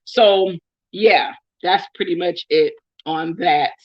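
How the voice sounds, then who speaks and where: Slow and lowish, this young woman's voice reaches us through a recording with the highs cut off. Originally from Oakland, California, she has a Bay Area accent and answers follower questions casually on camera, with lots of laughter and ums.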